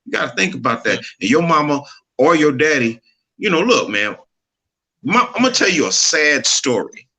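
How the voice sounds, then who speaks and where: A man's voice: on the high side, sing-song, normal speed, sharp tone, husky. A middle-aged man telling a personal story in casual chat, earnest and preachy, laughing easily. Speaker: podcast co-host.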